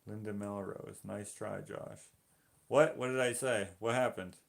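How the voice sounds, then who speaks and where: A man's voice: fairly low pitch, fairly even intonation, measured pace, creaky. A man from Canada painting on a live stream, reading viewer comments aloud and chatting in a rambling, easygoing way that keeps interrupting itself.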